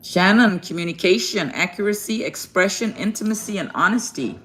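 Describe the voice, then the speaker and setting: A woman's voice: mid-range voice, fairly quick, fairly bright tone. A woman giving an affectionate live-stream card reading from a hotel room, greeting viewers as darling and baby and laughing often. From Guyana.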